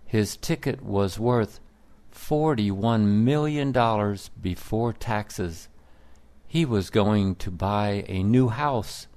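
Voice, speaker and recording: Very slow, low-voiced male narrator. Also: darkish tone. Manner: deliberate, simple sentences, evenly paced. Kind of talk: slow scripted story narration for English learners.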